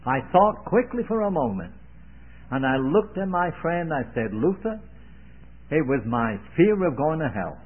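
A man's voice: medium pitch, animated, moderate pace. An older man preaching a sermon, with emphatic delivery that swells on key phrases. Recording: tinny, phone-like old radio broadcast.

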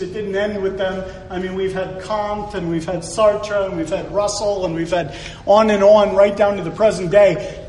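A man's voice: high-pitched, slight background noise. A male preacher giving a sermon in a conversational way, with jokey asides. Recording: echoey hall from far off, faint ambience.

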